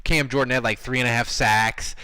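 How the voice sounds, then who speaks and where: A man's voice: mid-range voice, fairly even intonation, fairly quick, pushed and bright, clean tone, no echo, rough recording. A man hosting a sports podcast, chatting casually and telling wry stories. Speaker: podcast host.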